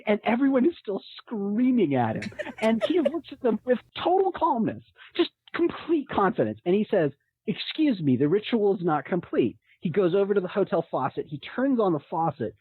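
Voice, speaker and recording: A man telling a tabletop gaming story in a casual, animated way, often laughing. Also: sits high, moderate pace, slightly rough, dry recording. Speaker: podcast guest; game master telling a story. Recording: tinny phone-like line.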